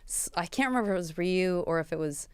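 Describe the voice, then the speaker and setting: A woman's voice: lowish voice, lively intonation, quick pace, clean tone, no echo, clean studio sound. A middle-aged woman co-hosting a podcast in enthusiastic, chatty conversation. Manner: enthusiastic, chatty, laughs easily. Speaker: podcast co-host. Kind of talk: casual chat.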